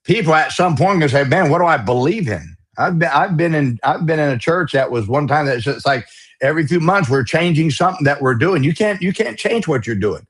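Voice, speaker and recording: A middle-aged male pastor preaches in a forceful, emphatic way, tossing in folksy, mocking asides. His voice sits somewhat high and has a husky edge. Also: animated, a little fast. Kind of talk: preaching a sermon on leadership.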